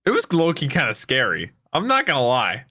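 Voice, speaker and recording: A man's voice: mid-range voice, wildly swooping pitch, brisk, pushed and bright. A man co-hosting a podcast in casual chat. He is eager and laughs easily. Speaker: podcast co-host.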